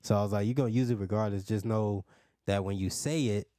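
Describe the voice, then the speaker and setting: A man's voice: lowish voice, steady tone, fast, warm tone, no room sound, clean studio sound. A man co-hosting a podcast, explaining his view in a laid-back casual chat. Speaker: podcast co-host.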